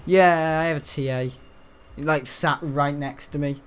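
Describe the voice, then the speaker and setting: A man's voice: a little high, steady tone, measured pace, a little hiss or hum. A seventeen-year-old boy, rambling and grumbling through casual gameplay commentary. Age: teens. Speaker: gaming channel host.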